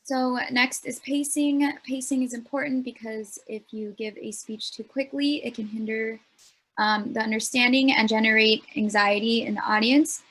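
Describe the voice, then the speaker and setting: A young woman leads a speech workshop with an earnest, explanatory delivery. She fills her pauses with ums, and her voice sits a bit higher than most. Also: fairly even intonation, a bit bright. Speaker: student workshop presenter.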